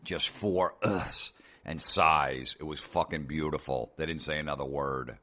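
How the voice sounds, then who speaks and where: A man's voice: a bass voice, a little slow, bright, forceful tone. A man hosting a comedy podcast, ranting sarcastically and profanely in a loose monologue. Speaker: podcast host.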